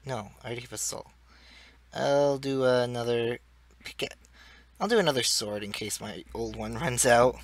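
A man doing let's play commentary, talking to himself as he plays and bursting into excited squeals. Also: mid-range voice, normal speed. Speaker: gaming channel host.

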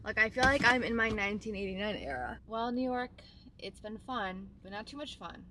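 Young woman vlogger, casual chatty to-camera talk, self-deprecating, mid pitch, light background hiss. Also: fairly quick. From Connecticut. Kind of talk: casual vlog chat. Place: hotel room in bed and out in a city. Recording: faint background noise.

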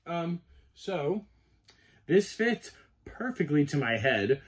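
A man reviewing a cosplay piece in a casual, gushing and excitable way, talking straight to his viewers. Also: fairly high pitch. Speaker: cosplay vlogger.

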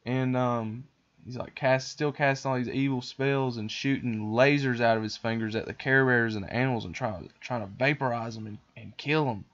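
A podcast host, a man with an ordinary mid-range voice, rambles through a story with lots of "um"s and restarts. He sounds casual and animated. The audio is dull and lo-fi. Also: mid-range voice, a little fast, few pauses. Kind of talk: casual retelling of a cartoon.

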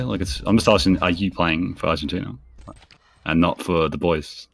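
A man casually commentating a video game match on stream, chatty and teasing, with quick bursts of excitement on plays. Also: sits low, gravelly, faint music behind. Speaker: esports commentator.

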